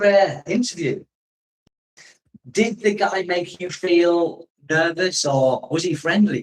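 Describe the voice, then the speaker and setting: A man's voice: mid-range voice, far from the mic, poor audio. Chatty man rambling on a livestream. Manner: rambling, chatty, reads out viewer comments. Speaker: expat livestream host. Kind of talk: casual live-stream chat.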